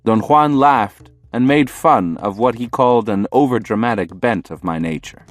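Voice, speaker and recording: A man narrating an audiobook in measured, storytelling fashion. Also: medium pitch, dry recording, faint music behind.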